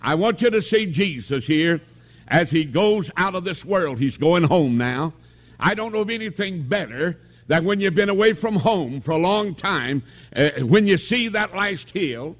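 Older male revival preacher, slightly high voice; folksy storyteller who asks for amens. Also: highs cut off. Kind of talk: revival sermon. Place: tabernacle.

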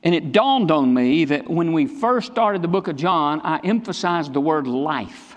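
A male pastor preaching a sermon in a church sanctuary, emphatic and repetitive, swinging between low and high passages. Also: animated, unhurried, lo-fi sound. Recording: long church reverb.

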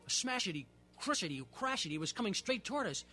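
A man reading a children's story aloud, with expressive, lively storytelling. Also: high-pitched, fast, soft background music.

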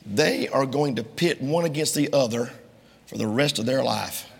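A man's voice: mid-range voice, moderate pace, vocal fry, husky, long reverb tail. A man preaching a sermon to a congregation, quoting King James scripture emphatically and speaking to his listeners directly.

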